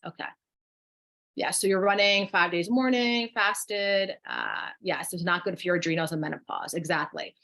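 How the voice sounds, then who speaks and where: A woman's voice: on the low side, fairly bright tone. A woman with a New Jersey accent co-hosting a live online wellness workshop, chatting through viewer comments and guiding breathing exercises over a computer mic. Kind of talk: live webinar, reading chat replies.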